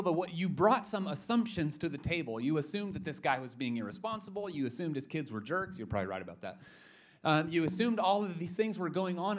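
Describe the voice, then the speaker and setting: Joking man preaching a casual sermon. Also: fairly high pitch. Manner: joking, chatty storytelling with lots of restarts. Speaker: pastor. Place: church.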